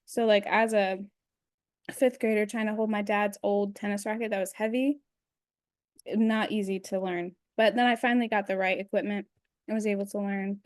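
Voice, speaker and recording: A woman's voice: mid-range voice, steady tone, moderate pace, no room sound, studio quality. A young adult woman chatting as a guest on a video call, rambling with lots of fillers. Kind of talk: casual interview chat.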